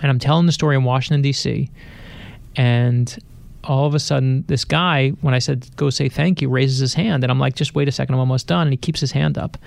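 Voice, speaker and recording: A man's voice: mid-range voice, steady tone, brisk, vocal fry, no room sound. A middle-aged man, an author, telling personal anecdotes in a radio studio interview, acting out the voices he quotes. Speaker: best-selling author, interview guest. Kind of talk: animated storytelling.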